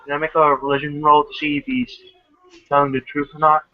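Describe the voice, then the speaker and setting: A man playing a tabletop game, asking slow, hesitant questions. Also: on the high side, little pitch movement. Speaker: player. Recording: dull lo-fi recording.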